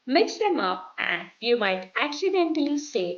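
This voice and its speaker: A woman teaching English pronunciation in a scripted lesson, modelling words clearly for the listener to repeat. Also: fairly high pitch, big pitch swings, unhurried, highs cut off.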